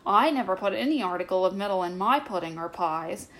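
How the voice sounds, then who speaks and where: A woman's voice: medium pitch, lively intonation, brisk, fairly bright tone, rough recording. A woman voicing a prim, proper female cat hostess in a children's story, in a polite and disapproving way.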